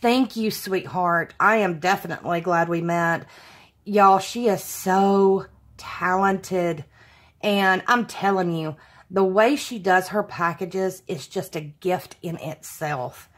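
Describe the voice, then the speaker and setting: Gushing woman, slow and warm-hearted. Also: on the low side. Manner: gushing, exclaiming often. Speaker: craft channel host. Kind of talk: casual unboxing vlog.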